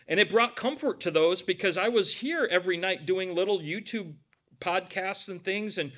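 A man's voice: sits high, expressive, normal speed, a bit bright. A middle-aged man preaching a sermon as pastor, conversational, with casual asides between scripture readings.

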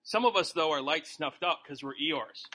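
Folksy high-voiced man preaching. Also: expressive, moderate pace, pushed and bright, husky. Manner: folksy, joking, conversational. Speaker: Bible study teacher. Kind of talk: informal sermon.

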